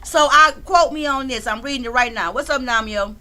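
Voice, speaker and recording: Chatty high-voiced woman streamer. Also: fairly quick. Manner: chatty, shouts out chat members, swears freely. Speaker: livestream commentary host. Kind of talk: casual livestream commentary.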